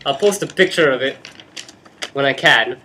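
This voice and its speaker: A man's voice: mid-range voice, expressive, moderate pace, bright, forceful tone, a little hiss or hum. A young man talking casually about a film into a webcam in his bedroom, hyper and jokey. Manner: hyper, jokey, breaks into silly put-on voices. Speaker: host. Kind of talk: casual movie chat.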